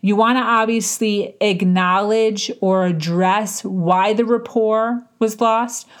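A woman talks through her advice in a loose, unscripted way, full of "like" and "um" and restarted sentences. Her voice sits in an ordinary middle register. She stretches some words slowly and rushes through others, like someone teaching informally off the cuff. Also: medium pitch, steady tone, clear, resonant tone. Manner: conversational, frequent fillers and restarts, varied tempo. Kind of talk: casual instructional talk.

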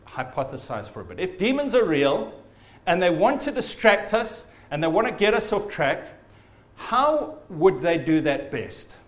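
A man preaching a sermon in an earnest, animated way. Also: high-pitched.

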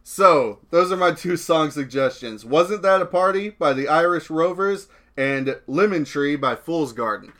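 Talking alone on his own podcast, this young host rambles loosely and drops casual swears. He sounds high-pitched, animated, and fairly bright, moving a little slowly but with hardly any pauses.

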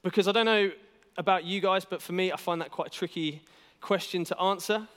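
A young man tells a light, self-deprecating story as a youth worker speaking to a church gathering. His voice sits a little high and rings out clear and smooth. A long hall reverb trails behind each phrase. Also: a little fast, a bit bright. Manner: self-deprecating, chatty, with many fillers and restarts. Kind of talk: casual storytelling sermon.

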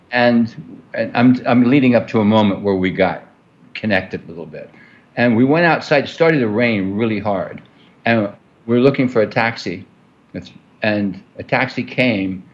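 A man's voice: mid-range voice, muffled recording. A man being interviewed, telling a long story in a rambling way with many fillers and restarts. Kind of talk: storytelling in a conversation.

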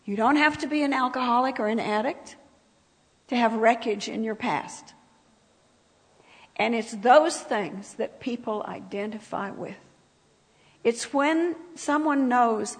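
Woman, sermon, croaky gravelly voice, fairly high pitch, conversational asides, long church-hall reverb. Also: measured pace, long pauses. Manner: conversational preaching with asides to the audience. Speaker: speaker at a church service.

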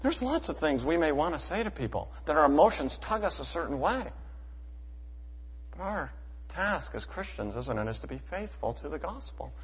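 Emphatic preacher in an echoing church. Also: male voice, fairly high pitch, very animated, normal speed, breathy edge. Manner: emphatic, rhetorical questions, swings between loud and hushed. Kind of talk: sermon. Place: church sanctuary. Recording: dull hall reverb.

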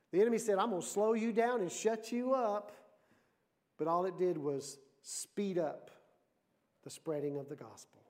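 A man preaching a sermon as pastor, lively and full of questions put to the congregation. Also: sits high. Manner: lively, asks the audience questions.

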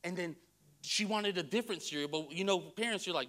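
A male pastor preaching a sermon, candid and self-deprecating, who tells stories with animated swings in his voice and laughs at himself. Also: sits high, fairly quick. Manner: storytelling with animated vocal swings.

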